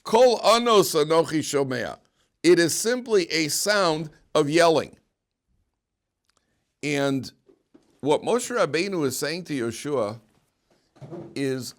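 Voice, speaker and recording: A man's voice: a little high, lively intonation, slow, long pauses. A man, a rabbi, giving an informal Torah class to students, asking rhetorical questions and restarting phrases as he talks. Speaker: rabbi teaching a yeshiva class. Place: yeshiva classroom.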